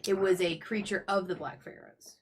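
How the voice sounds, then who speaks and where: A woman co-hosting a casual game review podcast as the game master, explaining plainly with quick affirmations. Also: medium pitch, steady tone, slight background noise. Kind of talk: casual discussion.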